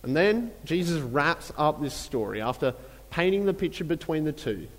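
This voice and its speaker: A man preaching a sermon in a relaxed, conversational way, with many fillers and repeated phrases. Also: on the high side, normal speed, long reverb tail, low-quality recording. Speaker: pastor.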